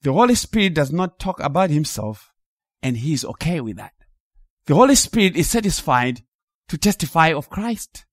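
A man preaching a sermon in an animated, emphatic way, rising to loud peaks and dropping low. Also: normal speed, dry recording, studio quality.

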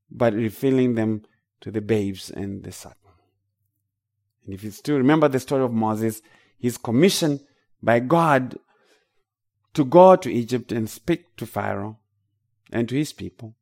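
A man's voice: medium pitch, a little slow, creaky, pauses often, darkish tone. A man with a Zimbabwean accent, from Zimbabwe, preaching a sermon with emphatic, rising declarations.

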